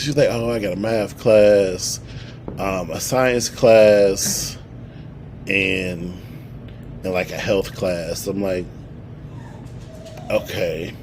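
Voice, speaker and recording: A man's voice: deep voice, slow pace, pauses often, slight background noise. A young man, casually telling a story on a podcast and acting out the quotes. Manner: animated storyteller, acts out quotes. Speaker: podcast co-host.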